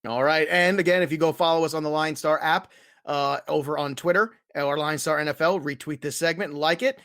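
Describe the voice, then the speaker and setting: A man's voice: on the high side, fairly even intonation, a little fast, a bit bright, dry recording, studio quality. A man hosting a fantasy football podcast, chatting casually and hyping his picks. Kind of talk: casual sports talk.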